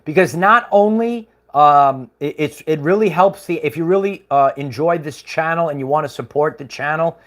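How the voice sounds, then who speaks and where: Higher-voiced man, casual rambling livestream host, chuckles often. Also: normal speed, hardly any pauses, a bit bright. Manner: rambling, chuckling, many fillers.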